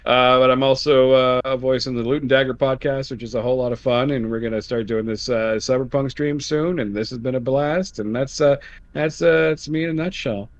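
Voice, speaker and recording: A man's voice: mid-range voice, fairly even intonation, moderate pace, highs cut off. A man, a player in an online tabletop game, chatting enthusiastically and cracking jokes as he stumbles over words. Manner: enthusiastic, joking, self-interrupting. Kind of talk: casual chat about a tabletop game.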